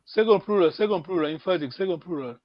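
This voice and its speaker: A man's voice: high-pitched, fast talker, no room sound, lo-fi sound. A man teaching a language lesson over a video call, patiently prompting and encouraging his students.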